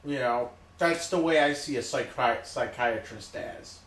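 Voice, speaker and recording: Loud, slow-talking man ranting. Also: medium pitch, reverberant. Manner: loud, repetitive, emphatic, keeps saying okay. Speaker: vlogger. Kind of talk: ranting monologue to camera.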